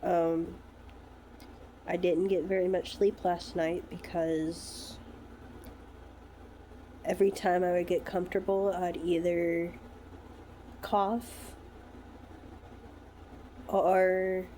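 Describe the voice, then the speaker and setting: A woman records a casual vlog update from her bedroom while sick, her voice thick and congested from a cold. She speaks very slowly, pausing on frequent ums, in a low, mellow tone. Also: little pitch movement, slight background noise. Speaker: vlogger.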